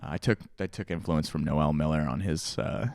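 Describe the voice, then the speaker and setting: A man's voice: very deep voice, steady tone, brisk, darkish tone, dry recording. Rambling young man, dry close mic. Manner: rambling storyteller, laughs often. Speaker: vlogger. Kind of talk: casual morning chat. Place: at home with a pet. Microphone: mic on a stand.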